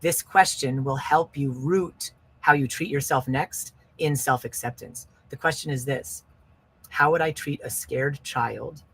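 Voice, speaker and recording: A man's voice: mid-range voice, a bit bright, a little hiss or hum. A man hosting a wellness podcast, talking in an earnest, emphatic coaching way and repeating his key phrases.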